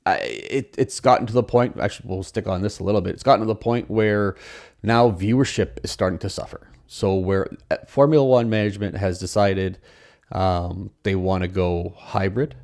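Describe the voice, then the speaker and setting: A man's voice: low voice, moderate pace, gravelly, darkish tone. A man hosting a podcast on his own, talking casually with many fillers and restarts. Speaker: podcast host. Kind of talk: solo podcast commentary.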